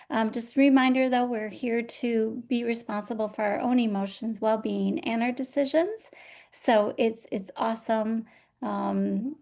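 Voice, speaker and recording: A woman's voice: fairly high pitch, vocal fry. A woman from Minnesota with a scratchy voice, hosting a live online journaling session in a chatty way, full of "um"s and restarts, speaking over a video call. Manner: warm, chatty, many fillers and restarts. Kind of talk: casual live webinar hosting.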